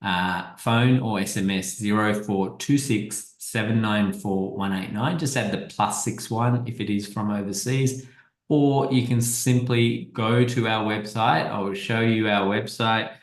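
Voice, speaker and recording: A man with a lowish voice talks through a slideshow presentation on marketing. He speaks in a casual, conversational way, often stumbling and repeating a word before he finds his phrasing. The sound has a roomy echo around it. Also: steady tone, a little slow.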